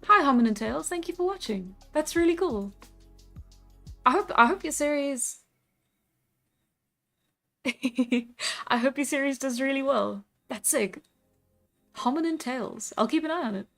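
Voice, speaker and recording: With faint background music, this artist and livestreamer chats with viewers as she draws, giggly and talkative, laughing often and restarting sentences. Her voice is high, expressive, and fairly bright, at a measured pace with frequent pauses.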